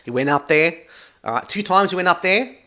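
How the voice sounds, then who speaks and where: Guy with a sharp bright voice going on and on, accusing, keeps saying right?. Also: high-pitched, lively intonation, fairly quick. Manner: repetitive, ends nearly every phrase with "right?"; accusatory, emphatic. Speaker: commentary channel host. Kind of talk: ranting commentary over a video.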